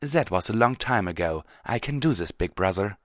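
A man's voice: fairly low pitch, expressive, normal speed, dry recording, pitched above the performer's own voice, close to an everyday voice. A young pony princess with a raised, earnest voice, which a man puts on. She speaks firmly and resolutely, in a dry, close storybook reading. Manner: earnest, firm.

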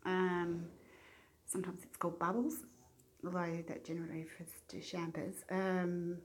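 A woman with a soft Australian accent that has a touch of English in it. She chats her way through accent-tag questions in a self-deprecating way. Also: on the low side, flat delivery, normal speed. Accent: Australian, slightly English-tinged.

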